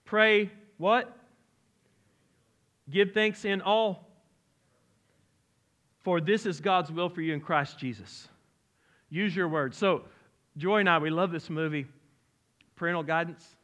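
A middle-aged man preaching a sermon in a church, lively and conversational, joking and asking the congregation direct questions. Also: high-pitched, slow, long pauses. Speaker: pastor. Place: church sanctuary.

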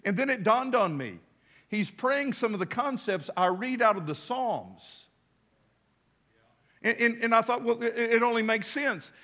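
Preaching in church, a male pastor speaks in a high, ringing, sharply bright voice at an unhurried pace. He presses his points with emphasis, calls for congregational responses, and drops in relaxed, conversational asides throughout the sermon.

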